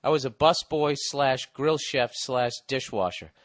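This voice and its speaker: A man's voice: mid-range voice, measured pace. A man hosting a comedy podcast, reading out a listener's letter and telling stories in a profane, ranting way. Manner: profane, ranting, animated storytelling. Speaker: podcast host.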